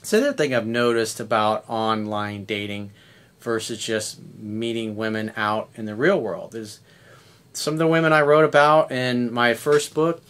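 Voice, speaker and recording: Man, fifties, dating coach, video coaching monologue, blunt, conversational, casual swearing, mid pitch. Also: moderate pace, a bit bright, clear, resonant tone. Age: 50s.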